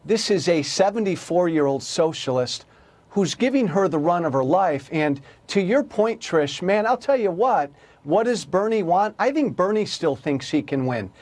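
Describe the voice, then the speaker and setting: A man and former congressman argues his points emphatically on a news panel, leaning on repetition. His voice sits high for a man. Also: lively intonation, moderate pace, darkish tone. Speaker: political commentator, former congressman. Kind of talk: opinionated panel commentary.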